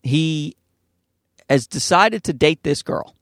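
A young man hosting a casual solo podcast from inside his parked car, ranting in a profane, rambling way and jumping up to high pitches. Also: animated, takes it slowly, dry recording, studio quality. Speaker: podcast host.

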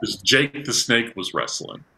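A man's voice: mid-range voice, a little slow, gravelly. A man from Virginia, a guest on a podcast, telling stories in casual chat and laughing often. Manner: animated storyteller, laughs often.

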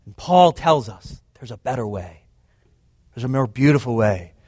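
A man's voice: mid-range voice, animated, moderate pace, darkish tone, slightly rough, no room sound. A man preaching a sermon in an earnest, emphatic way, often restating his points. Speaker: pastor.

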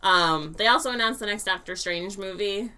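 A woman co-hosting a podcast in casual chat, teasing and quick to react. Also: medium pitch, pushed and bright, clean tone. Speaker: podcast co-host.

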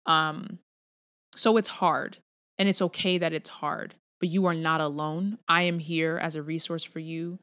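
A woman with a notably low, deep voice gives a relaxed devotional talk. She speaks candidly and conversationally, slipping slang in among scripture verses. She sounds like a young adult speaking to her community. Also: clean tone. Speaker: Christian speaker addressing her email list.

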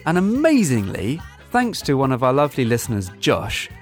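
A man co-hosts a podcast in casual chat. He is sarcastic and exasperated, and his pitch swings widely. Faint music plays underneath. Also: huge pitch swings, normal speed. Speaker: podcast co-host.

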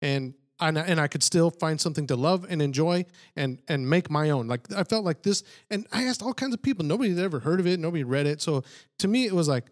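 A man's voice: fairly high pitch, expressive, quick pace. A man co-hosting a casual comics podcast, talking eagerly with lots of fillers. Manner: enthusiastic, many fillers. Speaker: podcast co-host. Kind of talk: casual chat.

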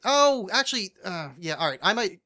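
A young man chatting on a podcast, his voice a little high and very bright. He rambles, jokes and restarts his sentences often while talking about a TV show. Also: very animated, normal speed. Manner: rambling, joking, many restarts. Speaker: podcast co-host. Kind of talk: casual chat about a TV show.

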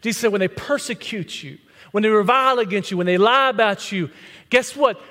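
A man's voice: sits high, fairly quick, pushed and bright. A man pastor preaching a blunt, conversational sermon to his congregation, tossing out rhetorical questions. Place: church sanctuary with congregation. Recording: long hall reverb.

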